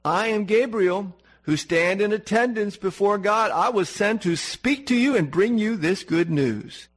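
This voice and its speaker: A stern, scolding archangel, put on by a preacher. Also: male voice, high-pitched, a little slow, voice pushed up. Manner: scolding, blunt, folksy. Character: stern indignant male archangel.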